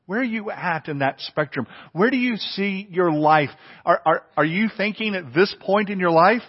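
A man's voice: sits high, expressive, moderate pace, few pauses, slightly rough. A man preaching a sermon with earnest emphasis, often repeating his phrases for weight. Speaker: pastor. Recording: dull audio with long hall reverb.

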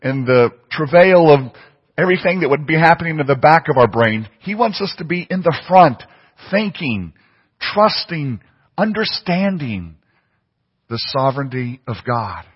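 Male preacher, slightly high and husky, muffled recording with long reverb in a church hall. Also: sing-song, unhurried. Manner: emphatic, repeats phrases for stress. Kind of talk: sermon.

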